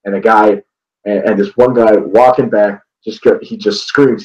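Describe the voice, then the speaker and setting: A young sports vlogger from northeast Ohio talks casually about a game, rambling, restarting, and swearing freely. His voice is fairly low and darkish, with fairly even intonation at a moderate pace. The recording has a dull lo-fi sound.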